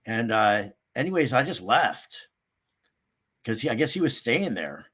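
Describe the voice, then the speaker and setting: A man's voice: big pitch swings, a little slow, fairly bright tone, breathy edge. An older man, a guest in a casual interview, telling a rambling story and acting out what others said. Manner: rambling, acts out quotes with sudden higher pitch.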